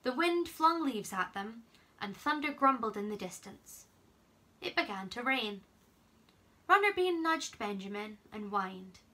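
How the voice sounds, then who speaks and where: A young woman camp counselor reading a children's storybook aloud, gently and expressively. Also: fairly high pitch, animated, a little slow.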